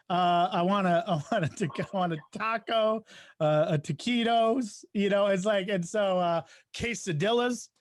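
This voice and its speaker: A man's voice: high-pitched, dry recording. Rambling male host on a dry video call. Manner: rambling, many fillers and restarts. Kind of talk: casual group chat.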